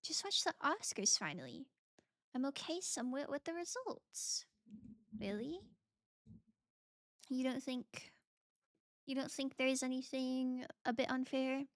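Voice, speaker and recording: A woman streamer chatting casually while she plays a game, reading chat aloud and bursting into excited greetings. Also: sits high, unhurried, long pauses, dry recording, studio quality.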